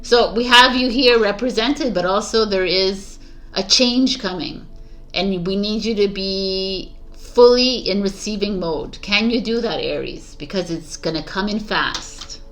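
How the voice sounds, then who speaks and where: A woman's voice: mid-range voice, a little slow, fairly bright tone. A woman giving a casual, rambling tarot reading straight to her viewers, enthusiastic and full of restarts. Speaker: tarot reader.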